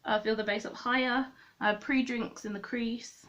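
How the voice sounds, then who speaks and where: A woman's voice: on the high side, fairly even intonation, moderate pace, fairly bright tone, dull audio. Chatty woman, rambling makeup talk. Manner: thinks aloud, rambling and self-correcting. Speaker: beauty vlogger.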